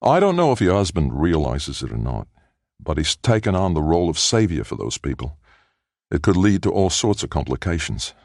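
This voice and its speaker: A man's voice: sits low, big pitch swings, vocal fry, a little mellow, no echo, clean studio sound, exaggerated voice. A man voicing a cheerful, meddling male anthropologist who heads a team, in an audiobook reading. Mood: knowing. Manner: brisk, cheerful, knowing.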